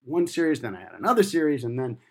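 A man's voice: mid-range voice, sing-song, fast talker. A man in his fifties telling career stories in a casual interview, rambling and self-deprecating with many restarts. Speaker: guest comedy writer.

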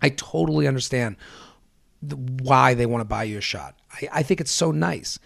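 Gravelly man telling comic stories. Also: medium pitch, normal speed, no room sound, studio quality. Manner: animated storytelling, swearing, acting out quotes. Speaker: podcast host. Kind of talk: casual comedic chat.

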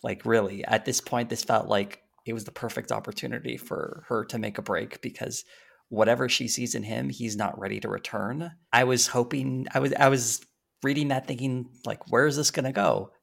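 A man with a gravelly, creaky voice co-hosting a casual book podcast. He speaks in a measured, reflective way. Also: mid-range voice, steady tone, fairly bright tone. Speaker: podcast co-host. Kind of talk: casual book discussion chat.

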